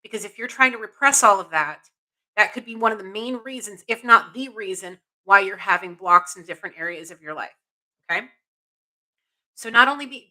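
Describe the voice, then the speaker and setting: Her voice is medium-pitched and sharp, and the audio is poor. Around forty, this intuitive reader runs a livestream spiritual reading, responding to chat with encouraging earnestness, repeated phrases, frequent restarts, and check-ins of "okay?".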